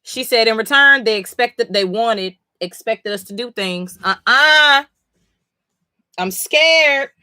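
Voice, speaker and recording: A woman's voice: fairly high pitch, normal speed, hardly any pauses, sharp tone, clear, resonant tone, no room sound. Emphatic woman streamer, dry close sound. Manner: emphatic, swears often, talks to chat. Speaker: streamer reading comics live. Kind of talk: live comic reading reaction.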